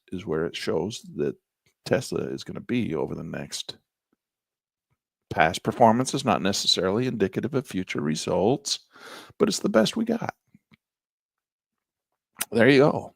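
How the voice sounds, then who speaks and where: A man teaching trading as he walks through a chart, in a folksy, animated way with slangy asides. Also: fairly low pitch, vocal fry, dry recording, clean studio sound. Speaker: trading instructor. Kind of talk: chart-walkthrough lesson.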